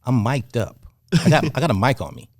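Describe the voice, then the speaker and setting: A man, a boxing fitness coach, telling stories on a podcast in an animated, passionate way. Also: medium pitch, fairly quick, no echo, clean studio sound. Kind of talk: casual podcast storytelling.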